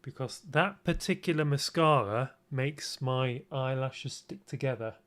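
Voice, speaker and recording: A man hosting a relaxed livestream, talking viewers through his makeup at an unhurried pace. His chat rambles and mocks himself, often restarting sentences. His pitch sits in an ordinary middle range. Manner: rambling and self-mocking, with repeated restarts. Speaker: streamer. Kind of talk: casual livestream chat during a makeup tutorial.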